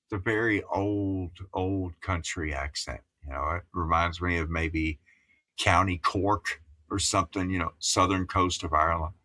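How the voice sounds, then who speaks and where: A man's voice: deep voice, unhurried, pushed and bright. A man in his fifties from Appalachia, a musician guest talking in careful broadcast English, chatty and digressive with many restarts. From Appalachia, USA. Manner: digressive, chatty, lots of you-knows and restarts. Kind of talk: casual interview chat.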